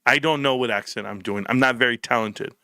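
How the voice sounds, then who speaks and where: A man's voice: mid-range voice, brisk, bright, forceful tone, clear, resonant tone, dry recording, studio quality. A man hosting a casual live stream, joking, rambling and swearing freely as he talks to viewers by name.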